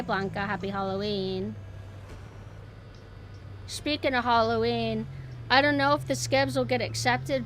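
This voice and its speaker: A woman streamer giving casual gameplay commentary, chatting to her viewers and jumping to high squeals when flustered. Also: fairly bright tone, slight background noise.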